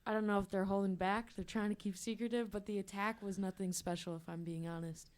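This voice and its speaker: A woman appearing as a guest soccer player on a sports radio show, speaking in a soft-spoken, hesitant way. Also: medium pitch, fairly even intonation, a little fast. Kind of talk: casual sports talk. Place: radio studio.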